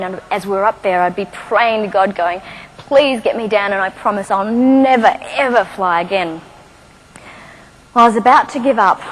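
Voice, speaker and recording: A woman's voice: mid-range voice, fairly bright tone, poor audio. A middle-aged woman giving a motivational talk on stage, telling her life story with self-deprecating humor and questions to the audience. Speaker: motivational speaker. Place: stage before a live audience.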